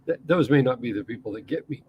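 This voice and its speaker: A man's voice: medium pitch, fast talker, dull audio, a little hiss or hum. A man with an East Coast accent co-hosting a podcast in a casual, rambling chat, full of restarts and the odd curse. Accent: East Coast American. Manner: rambling, with frequent restarts and profanity. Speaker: podcast co-host.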